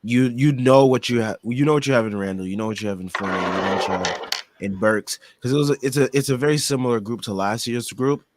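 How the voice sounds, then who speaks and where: A young adult man co-hosting a casual sports podcast, speaking indignantly in halting, filler-heavy sentences. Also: mid-range voice, a little hiss or hum. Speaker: podcast co-host.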